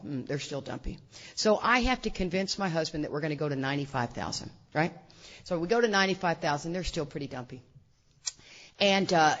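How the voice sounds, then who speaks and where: A middle-aged woman speaking to a recovery meeting as an AA speaker, an animated, self-mocking storyteller full of asides. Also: low voice. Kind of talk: humorous recovery talk to a meeting. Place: meeting room with audience. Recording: dull lo-fi recording.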